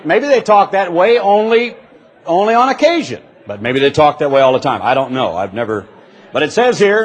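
A man preaching a sermon, reading scripture slowly and telling folksy stories with emphatic delivery. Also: on the high side, sing-song.

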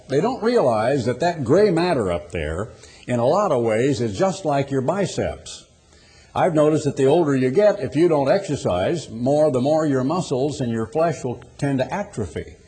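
A man's voice: medium pitch, mellow. An older man preaching a sermon in a rambling, folksy way, with scornful asides.

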